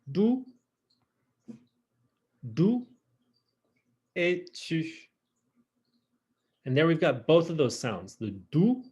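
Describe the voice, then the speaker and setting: Lively, husky-voiced French teacher. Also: male voice, fairly high pitch. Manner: drawls y'all, drills phrases slowly. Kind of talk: online class teaching. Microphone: video call.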